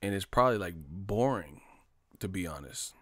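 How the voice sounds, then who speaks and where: A man hosting a casual live stream, rambling and swearing, laughing often and acting out movie lines in loud, high voices. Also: animated, moderate pace, no room sound.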